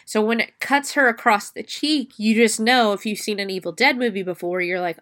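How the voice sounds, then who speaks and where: Young woman reviewer, casual, profane, mid-pitched, talks through the plot scene by scene. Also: unhurried, fairly bright tone. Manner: chatty, swears freely, retells scenes step by step. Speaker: movie reviewer. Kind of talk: casual spoken movie recap.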